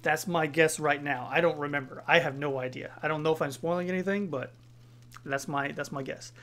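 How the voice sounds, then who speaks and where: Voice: mid-range voice, fairly even intonation, brisk, fairly bright tone. A let's-play host giving casual gameplay commentary in a rambling, self-deprecating way.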